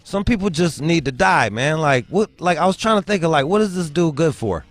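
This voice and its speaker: A man's voice: fairly high pitch, fairly quick, no echo, soft background music. A young man hosting a show, telling a story as a profane comedic rant and acting out the voices he quotes. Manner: animated storytelling, acts out quoted voices, swears heavily. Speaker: host.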